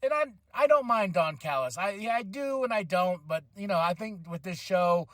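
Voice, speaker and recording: A man hosting a podcast, recapping a wrestling show with animated enthusiasm and occasional excited shouts. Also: high-pitched, normal speed, no room sound, studio quality. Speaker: podcast host.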